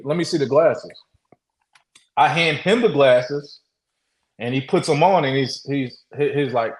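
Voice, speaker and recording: A man in a mid-pitched voice tells his story in loose, casual talk. He stumbles and restarts often and acts out what people said. The room adds a clear echo behind him. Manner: halting, with many restarts and acted-out quotes. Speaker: interview guest.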